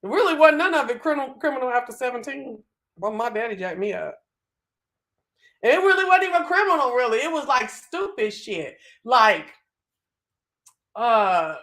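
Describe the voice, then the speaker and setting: A live-stream host chatting casually with viewers, animated and swearing freely, talking into a phone. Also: mid-range voice.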